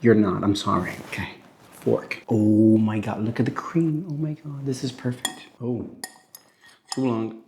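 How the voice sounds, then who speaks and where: Playful home cook. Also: male voice, mid-range voice, measured pace, gravelly, darkish tone, a little hiss or hum. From Italy. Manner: playful, exclamatory, self-mocking. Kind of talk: cooking demonstration.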